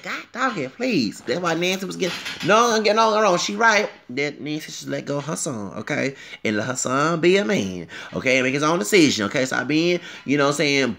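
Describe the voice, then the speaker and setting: Man, casual rant, opinionated and rambling, somewhat high, gravelly voice. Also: a bit bright. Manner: opinionated, rambling, repeats "okay?" and "you know what I'm saying?". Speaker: commentator.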